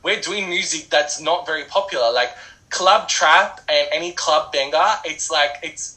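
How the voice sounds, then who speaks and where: Blunt young man, bright and lively. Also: a little high, rough recording. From Australia. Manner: animated, blunt, says "like" often. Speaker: rapper guest. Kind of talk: casual interview chat.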